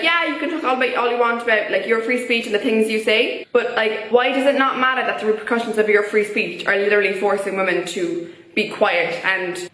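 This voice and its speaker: A woman's voice: a little high, a bit bright. A young woman with an Irish accent giving her opinions in a casual vlog, chatty and full of filler words. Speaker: vlogger. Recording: echoey room.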